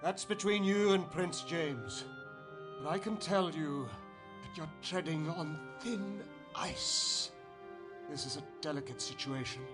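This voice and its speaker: A Scottish-accented aristocrat in a video game, guarded and condescending, his voice sitting a touch higher than most men's. Faint music plays underneath his clipped, formal lines. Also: slow. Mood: haughty.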